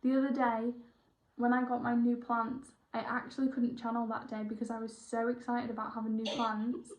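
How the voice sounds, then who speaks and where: A young woman, a spiritual healer chatting excitably through a one-on-one session, rambling and correcting herself as she goes. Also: on the high side, normal speed, background noise. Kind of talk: casual one-on-one session chat. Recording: roomy, dull lo-fi sound.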